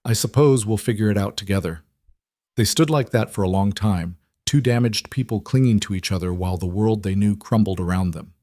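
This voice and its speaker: A man narrating a romance story in steady scripted narration. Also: fairly low pitch, no room sound, studio quality.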